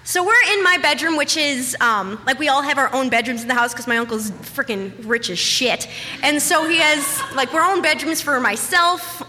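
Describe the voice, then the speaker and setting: Young woman, high bright voice, lively swearing storyteller, echoey room, faint noise. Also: moderate pace. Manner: animated, swears a lot, acts out panicked quotes. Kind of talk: casual personal storytelling.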